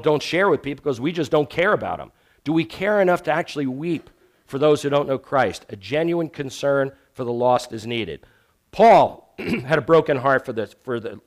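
A man preaching a sermon on sharing faith, earnest, telling stories and dropping to a hush for emphasis. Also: on the high side. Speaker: evangelism teacher.

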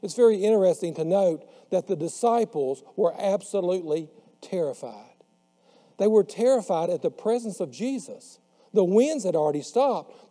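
A man preaching a sermon who slows down and drops his voice on the words he wants to stress. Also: high voice, mellow. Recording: long hall reverb.

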